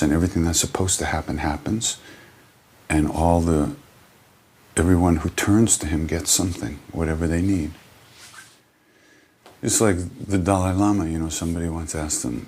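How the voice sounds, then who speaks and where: Deep, gravelly man telling a spiritual story. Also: a little mellow, slight background noise. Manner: halting, with frequent restarts; earnest storyteller. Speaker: interviewee, spiritual musician. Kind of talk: reflective interview storytelling. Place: small hotel.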